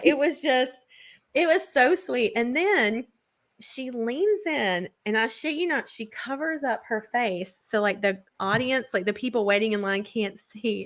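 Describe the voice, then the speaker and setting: A woman, telling a story in casual podcast chat, full of "like" and quick laughs. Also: a little high. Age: 20s. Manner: chatty storyteller, lots of "like" and laughs. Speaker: podcast co-host.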